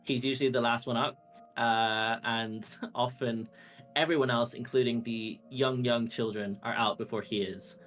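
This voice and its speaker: A man's voice: mid-range voice, steady tone, normal speed, a bit bright, faint music behind. A man casually describing his character in a tabletop game, rambling and using many fillers. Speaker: player.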